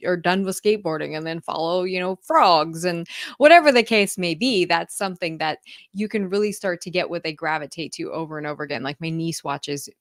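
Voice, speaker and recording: A woman's voice: lowish voice, fairly quick, no echo, clean studio sound. A woman hosting a podcast, chatting casually, laughing easily and asking follow-up questions. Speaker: podcast host.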